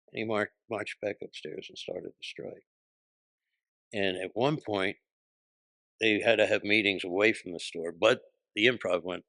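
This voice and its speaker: A comedian guest on a podcast, a man telling anecdotes in a lively way and acting out the people he quotes. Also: on the low side, normal speed, vocal fry, dry recording. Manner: animated, acts out quoted voices. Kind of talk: storytelling anecdotes.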